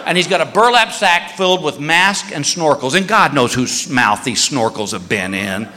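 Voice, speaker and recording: A man doing a stand-up comedy routine, telling a story with lively shouts and voices. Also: on the high side, normal speed. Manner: animated storytelling, many put-on shouts. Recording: live club with long reverb and faint noise.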